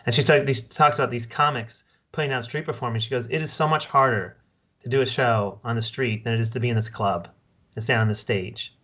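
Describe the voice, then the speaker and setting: Bright-voiced male podcast host. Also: mid-range voice, steady tone, fairly quick. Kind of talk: casual podcast interview.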